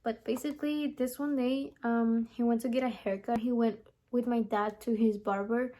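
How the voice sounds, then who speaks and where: A young woman chatting to the camera in a relaxed vlog, rambling and filling her talk with "like" and "honestly". Her voice is fairly high but soft and mellow. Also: normal speed, slight background noise. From from abroad, lives in the US. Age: young adult. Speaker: vlogger. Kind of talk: casual vlog chat to camera.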